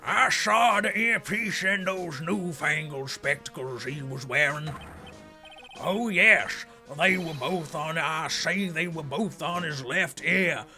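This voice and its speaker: A man voicing a confused old male witness who insists loudly and repeats himself. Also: on the high side, takes it slowly, heavily acted. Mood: insistent. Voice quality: loud, repetitive "I say" insistence. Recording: game music behind the voice.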